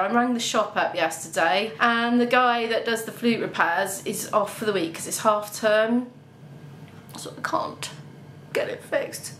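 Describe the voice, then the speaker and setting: A woman's voice: medium pitch, fairly bright tone, a little hiss or hum. A woman vlogging at home, talking to camera in a chatty, rambling, emotional way. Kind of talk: casual vlog chat to camera. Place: at home, indoors. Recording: echoey room.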